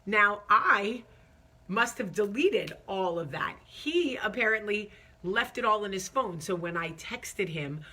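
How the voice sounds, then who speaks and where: A woman host telling a funny story in an animated, self-deprecating way, acting out the quotes. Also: mid-range voice. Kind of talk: comic storytelling.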